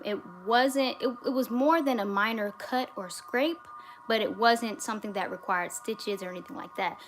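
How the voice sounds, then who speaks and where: A woman hosting a casual livestream from home, reading viewer comments aloud in a relaxed way, with fillers. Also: mid-range voice. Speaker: livestream host. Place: home in the US state of Georgia.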